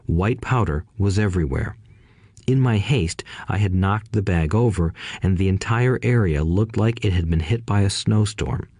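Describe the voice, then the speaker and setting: A man tells a first-person childhood memoir in a calm, measured audiobook style. His voice is very deep and low. The recording is close and dry, with no room sound. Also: dry recording. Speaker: narrator.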